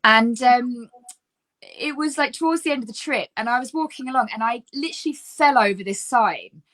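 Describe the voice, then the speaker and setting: A woman, a guest telling her life story in a casual, lively chat full of fillers. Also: fairly high pitch, normal speed.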